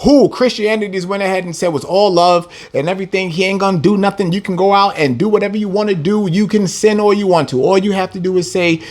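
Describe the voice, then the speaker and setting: A man giving a casual scripture lesson, talking in an animated, slangy and emphatic way. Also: high-pitched, fast, hardly any pauses. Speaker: Bible teacher.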